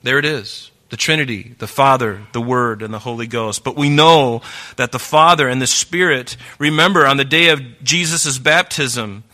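Speaking at a moderate pace in a mid-range voice, a man reads scripture during his sermon and tells the congregation to mark their Bibles. His earnest delivery swings from quiet to forceful.

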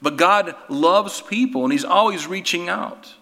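Preacher guy giving a sermon, bright forceful voice, lots of hall reverb, earnest, repeats himself and asks questions. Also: high-pitched, measured pace. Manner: earnest, emphatic, with repeated restarts and rhetorical questions.

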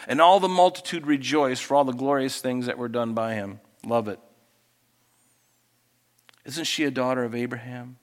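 A man preaching a sermon as pastor, moving between quiet, intimate asides and raised, emphatic passages. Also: mid-range voice.

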